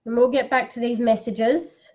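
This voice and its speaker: Woman, psychic reader, tearful, slow soothing delivery, higher voice, dull live stream sound. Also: fairly even intonation, darkish tone. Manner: slow, soothing, guiding breathing. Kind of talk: live-streamed spiritual reading.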